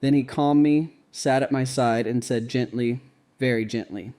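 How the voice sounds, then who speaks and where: A man reading a devotional diary aloud in first person, calm and measured. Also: medium pitch. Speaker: narrator.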